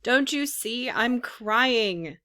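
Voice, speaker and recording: A woman's voice: on the high side, expressive, very slow, bright, forceful tone, dry recording, studio quality, pitched above the performer's own voice, heavily acted. A woman voicing a grieving, impulsive wooden puppet boy who wails and pleads. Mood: eager, anxious. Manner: wailing, pleading.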